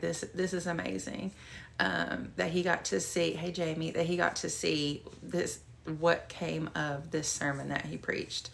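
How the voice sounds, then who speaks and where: A woman leads a Bible study from her home and shares her testimony. Her voice is lowish and full of gravelly fry. She talks in a chatty, rambling way with plenty of fillers. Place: at home, with a cat nearby.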